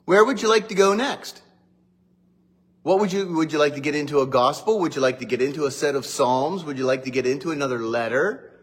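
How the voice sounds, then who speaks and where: A middle-aged man, a pastor, talks casually to his congregation in a chatty, joking way. His speaking voice sits fairly high for a man. He is still getting over a cough. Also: fairly quick, husky. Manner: chatty, joking, animated asides. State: recovering from a cough. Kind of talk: casual morning livestream chat.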